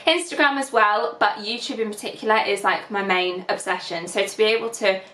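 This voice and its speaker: A woman's voice: mid-range voice, fairly quick, bright, forceful tone, roomy sound. A woman in her twenties with a Northern English accent, chatting casually to camera as a vlogger, full of fillers and at times close to tears. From England. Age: 20s. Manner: chatty, many fillers, emotional and teary at times. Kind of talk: casual reflective vlog chat.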